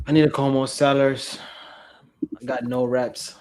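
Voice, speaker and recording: A young man in a relaxed casual chat about wholesaling real estate deals, slangy and easygoing. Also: mid-range voice, unhurried. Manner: relaxed, slangy, says bro.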